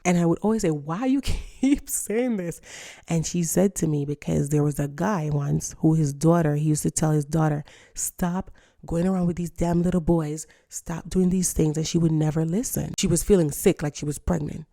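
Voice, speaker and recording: A woman's voice: fairly low pitch, vocal fry, mellow, no room sound, studio quality. A woman in her thirties ranting to camera in a casual vlog, blunt and emphatic, with frequent swearing. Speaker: vlogger. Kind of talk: casual morning rant to camera.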